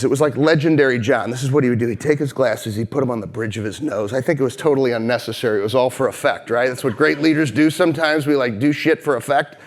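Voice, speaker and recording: Energetic man giving a motivational keynote. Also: medium pitch. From St. Louis, Missouri. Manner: energetic storytelling, swings from loud and heated to hushed and slow. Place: conference stage before a live audience.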